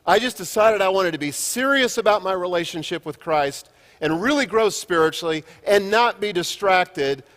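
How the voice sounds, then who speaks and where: A man's voice: high-pitched, lively intonation, normal speed, a bit bright, long reverb tail. Man in his fifties, storytelling keynote. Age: 50s. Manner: jokey storytelling with self-deprecating humor. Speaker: keynote speaker. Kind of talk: conference keynote. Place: conference hall.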